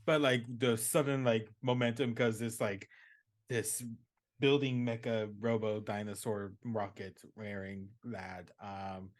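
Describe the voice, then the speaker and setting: A man's voice: fairly low pitch, steady tone, a little slow. A man narrating as game master in a casual, rambling way full of fillers.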